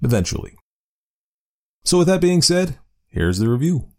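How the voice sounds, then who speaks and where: Lively male podcast host. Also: a little high, moderate pace. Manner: lively, animated delivery. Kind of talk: podcast intro, chatty. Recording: faint music behind.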